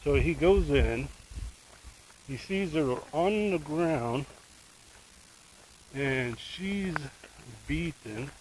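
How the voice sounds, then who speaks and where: A man's voice: fairly high pitch, animated, extremely slow, pauses often, a little mellow, a little hiss or hum, rough recording. A man casually retelling a true crime case, rambling and emotionally invested, with asides to the viewer. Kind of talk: casual storytelling.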